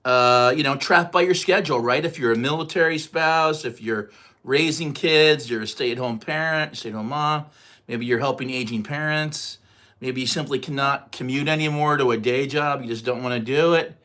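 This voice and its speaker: An American man in his sixties hosts a casual livestream, speaking at medium pitch and a moderate pace with a sharp tone. He rambles to the chat, repeating himself, and grows heated and emphatic.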